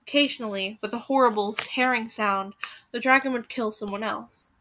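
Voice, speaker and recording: A woman reads a fantasy story aloud, building suspense with dramatic pauses. Her voice is bright, sitting a little above the usual pitch. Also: slight background noise. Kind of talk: reading a book aloud.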